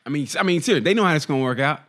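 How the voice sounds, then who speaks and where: A man talks quickly in a slightly high voice as he co-hosts a casual podcast chat. He tells his stories with animation, swears freely and acts out the voices of people he quotes. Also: lively intonation, a bit bright. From United States. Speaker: podcast co-host.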